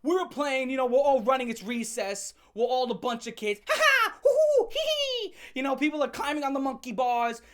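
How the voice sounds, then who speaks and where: A woman hosting a comedic rant. She tells stories in a loud, profane way, fires off repeated rhetorical questions, and breaks into laughs. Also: sits high, fairly quick, few pauses. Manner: animated, profane storytelling with sudden shouts and laughs. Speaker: channel host.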